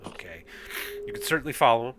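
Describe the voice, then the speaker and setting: A man narrating as game master of a tabletop game, halting with lots of fillers. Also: mid-range voice, very animated, fairly bright tone.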